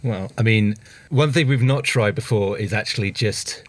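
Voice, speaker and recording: A man hosting a podcast, explaining the game in brisk casual chat. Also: fairly low pitch, no room sound. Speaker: podcast host.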